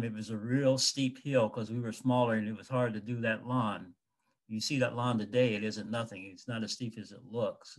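A middle-aged American man giving an emotional, halting remembrance of a lifelong friend. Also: mid-range voice. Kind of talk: heartfelt personal remembrance.

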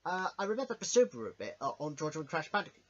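A man's voice: fairly high pitch, fast talker. Guy putting on a hyper bandicoot lad, jumpy voice going all over, lo-fi with game music behind. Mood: chatty. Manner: excitable, says mate a lot. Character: cheerful young male bandicoot gamer.

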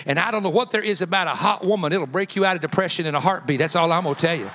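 A man in his fifties, a guest evangelist preaching a sermon with folksy, joking personal stories that build to loud emphatic peaks. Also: a little high, rapid-fire. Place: church sanctuary. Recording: long hall reverb in a church.

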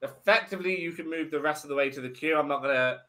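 A man narrating a tabletop game as game master, relaxed and often laughing. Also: fairly high pitch, quick pace. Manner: relaxed, laughing, many fillers.

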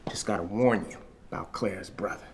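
An actor playing a laid-back host who talks bluntly in casual slang. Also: male voice, sits low, normal speed, slight background noise. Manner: casual, blunt slang, calls people man. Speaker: fiancé and host of the dinner. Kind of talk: film drama acting.

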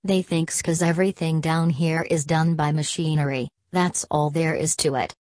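A woman's voice: deep voice, steady tone, moderate pace, a little mellow, no echo, clean studio sound, natural voice. A woman reading the lines of a proud old Southern factory workman, speaking in a folksy rural dialect. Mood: boastful.

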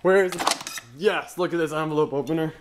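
A young man with a slightly high voice gushes through an unboxing. He bursts into shrieks and then drops to low murmurs. A clear hiss of background noise sits under his voice. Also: fast. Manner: hyper, shrieking excitement with sudden hushed murmurs. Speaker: gaming YouTuber. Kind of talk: excited unboxing vlog. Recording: noisy home recording.

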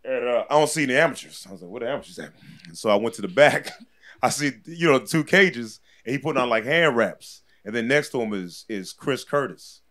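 A man telling a story as a podcast guest, animated and laughing often as he acts out what people said. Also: medium pitch, a little fast. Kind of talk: casual storytelling.

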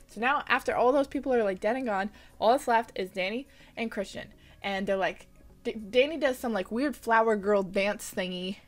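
A young woman giving an animated, casual movie recap, full of "like" and blunt, incredulous asides. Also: on the high side, moderate pace, faint music behind. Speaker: vlogger.

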